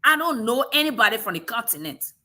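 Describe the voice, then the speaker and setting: Bright-voiced African-accented woman. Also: fairly high pitch, sing-song, a little fast. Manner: emphatic, with pointed rhetorical questions. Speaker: talk show host. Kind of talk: casual talk-show discussion.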